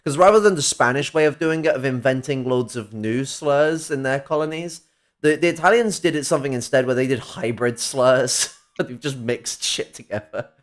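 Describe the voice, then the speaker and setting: A man's voice: mid-range voice, moderate pace. A man in heated, rambling casual chat, swearing freely as he talks.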